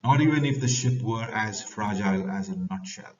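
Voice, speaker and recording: A man's voice: lowish voice, moderate pace, a little mellow, natural voice. An Indian man reading the part of an old male courtier who tries to make peace and reassure the others. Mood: reassuring. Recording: distant dull lo-fi recording.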